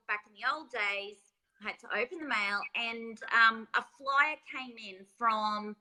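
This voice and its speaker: A woman, an author and spa business founder, telling her story in a lively, laughing interview. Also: a little high, low-quality recording. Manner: lively, laughs often, acts out quoted voices.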